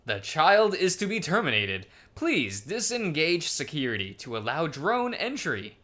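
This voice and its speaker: A man's voice: on the high side, sing-song, measured pace, sharp tone, voice pushed up, heavily acted. Man putting on a cold ship computer. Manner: clipped, formal commands. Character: cold male ship computer, flat and official.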